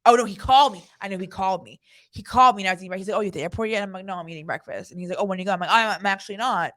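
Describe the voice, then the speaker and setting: A woman's voice: medium pitch, rapid-fire, a bit bright. A woman co-hosting a podcast, telling a story in casual chat, filling her speech with "like". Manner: chatty storytelling, many fillers like "like". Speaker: podcast co-host.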